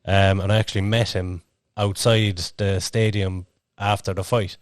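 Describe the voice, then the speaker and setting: A man's voice: low voice, little pitch movement, normal speed, dry recording, studio quality. A man co-hosting a podcast, chatting casually in a rambling way with lots of fillers. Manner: rambling, filler-heavy storytelling. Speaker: podcast co-host and interviewer.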